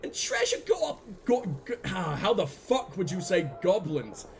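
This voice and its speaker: A man putting on an exaggerated Southern drawl to read out chat messages in a drawn-out, mock-folksy way. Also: high voice, expressive, creaky, faint music behind, exaggerated voice.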